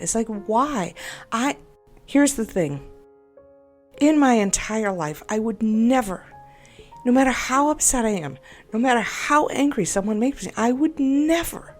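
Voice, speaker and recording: Upset woman rambling over faint music. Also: on the high side. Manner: rambling, upset and exasperated, with self-doubting asides. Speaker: game video creator. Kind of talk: personal venting monologue. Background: faint background music.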